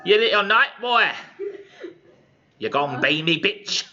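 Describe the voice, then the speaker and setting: A man voicing a crass, ugly old hag woman in a harsh put-on Cockney accent, loud and squawking. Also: high voice, expressive, a little slow, pitched above the performer's own voice, exaggerated voice. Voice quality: harsh, atrocious-sounding. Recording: muffled lo-fi classroom recording.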